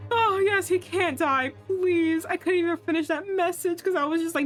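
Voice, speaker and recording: A young woman streaming a game, talking casually and excitably with lots of swearing, jumping between loud outbursts and low mutters. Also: normal speed. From United States. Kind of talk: casual let's-play commentary. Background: faint game music.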